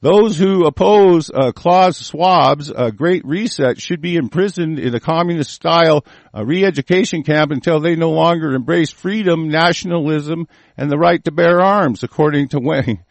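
Man in an angry, halting rant. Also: on the high side, gravelly, dry recording. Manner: profane, threatening outbursts between halting reading; stumbles over words with many fillers while reading. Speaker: commentator. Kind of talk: angry reading-and-rant commentary.

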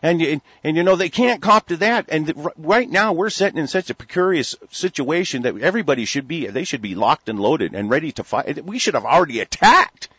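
Husky man in a heated, rambling rant. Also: a little high, animated, brisk, hardly any pauses, a bit bright, no room sound. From United States. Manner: rambling, stammering restarts, profane. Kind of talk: heated talk-radio rant. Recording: dull lo-fi recording.

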